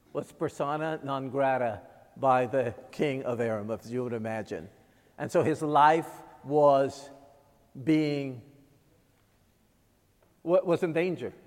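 A preacher with a high, slightly mellow voice delivers his sermon slowly and emphatically, leaning on dramatic pauses. A long reverb carries his words, as though he's in a large church sanctuary.

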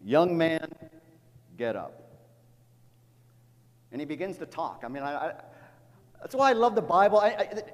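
A middle-aged pastor preaching in a church, earnest and a little halting, doubling words as he goes. His voice sits somewhat high for a man. The big sanctuary gives it a long, ringing reverb. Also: very animated. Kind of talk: sermon. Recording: long reverb of a large hall.

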